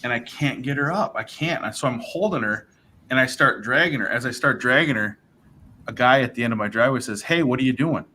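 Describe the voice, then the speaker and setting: A man's voice: medium pitch, fairly quick, slight background noise. A man on a live stream telling a personal story in a casual, rambling way, tossing in "right?" and "bro" as he goes. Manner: rambling, animated, acts out dialogue with fillers like right and bro. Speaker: livestream host telling his sobriety story.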